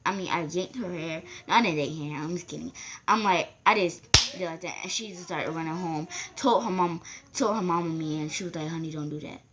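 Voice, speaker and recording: A woman's voice: fairly low pitch, a little fast, a crowd in the background. A woman vlogger rambling through a casual storytime, acting out the voices of the people in it. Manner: rambling, acts out quoted voices.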